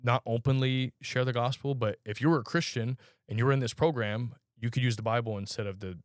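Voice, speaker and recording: A man sharing his personal testimony as a podcast guest, telling his story in a halting, earnest way with frequent pauses. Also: medium pitch, steady tone, no echo, clean studio sound. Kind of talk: personal testimony in a conversational interview.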